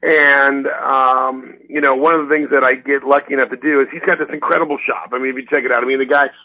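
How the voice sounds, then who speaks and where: A raspy-voiced man calling in as a guest, chatting casually about cars in a rambling, filler-heavy way. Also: medium pitch, flat delivery, fast talker. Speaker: guest from a car magazine. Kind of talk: casual radio chat. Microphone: phone call. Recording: tinny phone line.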